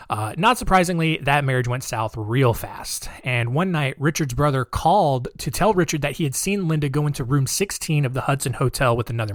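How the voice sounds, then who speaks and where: Male podcast host, casual true-crime storyteller, mid-pitched voice, dry sound, filler-heavy, wry sarcastic asides. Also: no echo.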